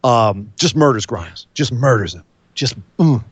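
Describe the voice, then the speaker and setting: A man co-hosting a casual wrestling podcast, telling match stories with energy and quick asides. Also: mid-range voice, husky, no room sound. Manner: animated storyteller, mimics wrestlers' voices. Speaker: podcast co-host. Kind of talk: casual wrestling recap chat.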